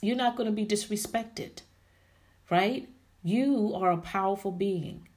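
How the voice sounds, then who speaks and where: A woman's voice: mid-range voice, unhurried, a little mellow. A woman hosting a podcast, giving an emphatic, preachy faith-based motivational talk and calling her listeners ladies and honey. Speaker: podcast host.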